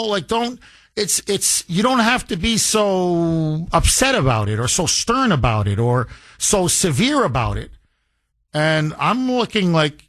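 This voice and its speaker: Man, middle-aged, talk radio host, casual storytelling, acts out quotes, restarts a lot, higher voice, dry studio mic. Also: sing-song, slow pace, a bit bright, dry recording.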